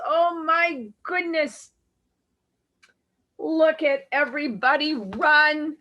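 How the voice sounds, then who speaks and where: A woman reading a picture book aloud to children in an animated, dramatic way, with gasps and asides. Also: a little high, drawn-out words, long pauses, slightly rough. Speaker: storybook reader.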